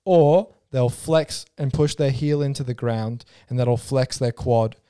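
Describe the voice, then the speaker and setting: A man chatting casually about fight sports, his voice mellow and warm. He thinks aloud, restarts his sentences and breaks down technique in detail. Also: medium pitch, unhurried, smooth.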